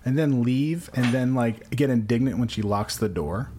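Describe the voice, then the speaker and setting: A man of middling pitch rambles through crude, comic advice on a podcast. He talks in loose, run-on bursts and jumps between jokes as he goes. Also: moderate pace, mellow, slight background noise. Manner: rambling, acts out dialogue in sudden voices. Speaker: podcast co-host. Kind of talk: profane comedic banter.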